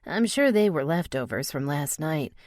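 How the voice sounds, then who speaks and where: Low-voiced female audiobook narrator. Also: expressive, normal speed, darkish tone, dry recording, studio quality. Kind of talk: first-person romance audiobook narration.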